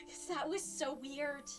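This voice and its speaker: Giggly high-voiced woman streamer. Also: fairly bright tone, distant mic. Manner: giggly, flustered, halting with restarts. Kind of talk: casual livestream chat.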